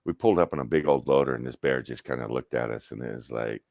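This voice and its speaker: Appearing as a guest on a stream, a man with an extremely low, creaky voice tells stories fast and with few pauses. He's animated and freely profane, acting out what people said, and the studio-quality audio has no echo.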